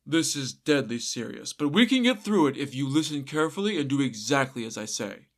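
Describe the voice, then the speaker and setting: A man's voice: medium pitch, expressive, fairly quick, lightly acted. A man voicing a cunning peasant husband in a folktale, speaking with mock-dramatic solemnity. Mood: grave. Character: scheming, wily peasant husband feigning gravity.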